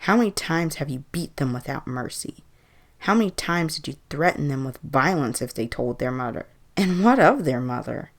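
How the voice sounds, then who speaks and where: A woman doing booming vengeful ghost voices. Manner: booming, slow, accusing.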